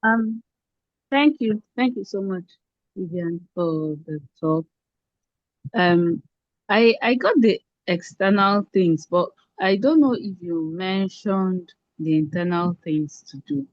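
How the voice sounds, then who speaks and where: A woman's voice: mid-range voice, slow pace, dry recording, highs cut off. A woman in the audience asking a hesitant, stammering question over a video call.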